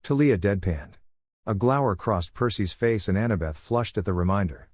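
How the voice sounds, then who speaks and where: A man's voice: fairly low pitch, animated, normal speed, darkish tone, slightly rough, dry recording, studio quality. A man reading fan fiction aloud, narrating and voicing the dialogue with little character acting. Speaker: fanfiction reader.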